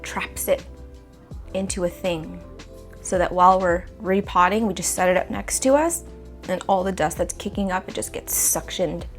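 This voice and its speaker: A young woman vlogging in casual chat as she repots plants at home, thinking aloud with lots of fillers and coughing now and then from dust, recorded on a phone nearby. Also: mid-range voice. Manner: rambling, chatty, thinks aloud with many fillers. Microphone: phone camera nearby.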